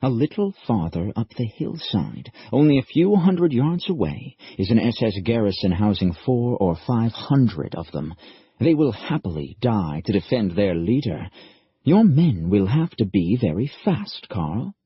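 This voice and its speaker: Guy doing a german-accented villain, low precise whispery commands, husky, muffled audio. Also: big pitch swings, measured pace, no echo, heavily acted. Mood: hushed. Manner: precise, hushed commanding tones. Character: scheming German-accented male villain leader.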